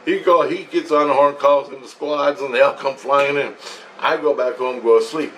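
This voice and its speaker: A man recounts a strange dream in a loose, wandering way, full of casual swearing and repeated phrases. His voice sits at an ordinary middle pitch. He is set back from the microphone, with faint ambient noise underneath. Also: fairly even intonation, normal speed, a bit bright, far from the mic, poor audio. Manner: meandering, profane, repeats himself. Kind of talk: rambling first-person dream account.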